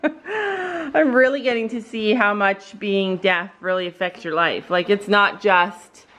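A woman's voice: mid-range voice, fairly even intonation, measured pace, fairly bright tone. A middle-aged woman from Canada, chatting casually to her camera in a barn on her family farm, laughing often and cooing at her dogs. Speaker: vlogger, mother running a family farm channel. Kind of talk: casual vlog chat.

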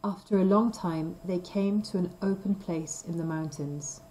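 A woman reading a simple story aloud for language learners, slow and clear. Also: on the low side, dark tone, slight background noise, poor audio. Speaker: reader of a graded story. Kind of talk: scripted storybook narration for learners.

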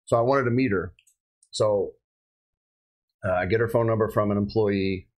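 Chatting on a podcast, a middle-aged police officer casually and animatedly tells the story of a shooting, slipping into the voices of those he quotes. His voice is lowish and moderately paced, and the recording quality is low.

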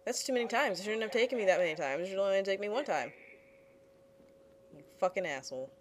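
A woman's voice: medium pitch, lively intonation, very fast, slight background noise. A woman giving casual gameplay commentary, blunt and frustrated, swearing freely at the game.

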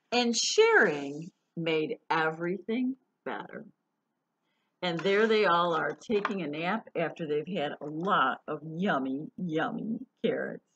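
Woman children's librarian, unhurried, lively sing-song storytime delivery, lo-fi. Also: on the low side, husky. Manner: animated and sing-song, asks children questions. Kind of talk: storytime read-aloud.

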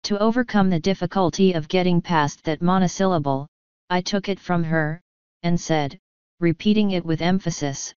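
A woman narrating an audiobook with an even, measured delivery. Her voice is a little low and very smooth. The recording is dry and dull, with little room sound. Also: no room sound. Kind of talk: scripted narration.

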